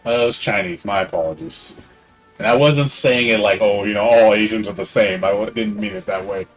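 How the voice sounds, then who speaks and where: A man's voice: fairly low pitch, a little fast, soft background music. A middle-aged man streaming a game, rambling in casual chat and swearing freely. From Hispanic background.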